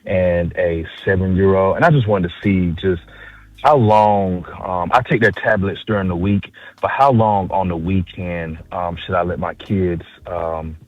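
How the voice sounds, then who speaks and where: A deep-voiced man from North Carolina calls in to ask a radio show a question about his kids' tablets. He hesitates and fills the gaps with ums. The line sounds dull and dry. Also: unhurried, no echo. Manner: hesitant, filler-heavy. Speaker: caller. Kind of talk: call-in question.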